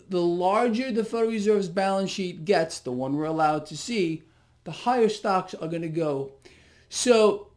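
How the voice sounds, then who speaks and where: A man's voice: high-pitched, a little mellow. A man giving unscripted market commentary, blunt and emphatic, who repeats key phrases for stress and throws rhetorical questions at the viewer.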